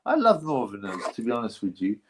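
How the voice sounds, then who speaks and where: A man's voice: on the low side, huge pitch swings, a little fast, slight background noise. A middle-aged man hosting a live stream, chatting loosely and reading out donations with plenty of slang, swearing and fillers. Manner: rambling, slangy, swears freely, lots of fillers.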